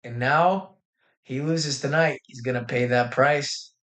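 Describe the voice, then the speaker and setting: A man's voice: mid-range voice, unhurried, fairly bright tone. A young man hosting a casual fight-night livestream, talking in brash, swearing, slangy trash talk. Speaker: livestream host.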